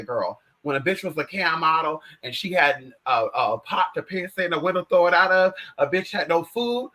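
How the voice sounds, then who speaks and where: An American woman vlogging in casual chat, brash and profane, swinging between loud outbursts and low asides. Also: slightly rough. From United States. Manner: brash, profane, addresses viewers as girl and bitch.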